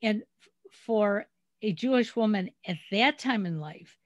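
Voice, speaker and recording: A middle-aged woman hosts a podcast and retells family stories in a chatty, animated way. Her voice sits at a middle pitch. The recording is dry and close, with no room sound, over a remote call. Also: a little slow, no room sound, muffled recording. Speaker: podcast host. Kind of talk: casual interview chat.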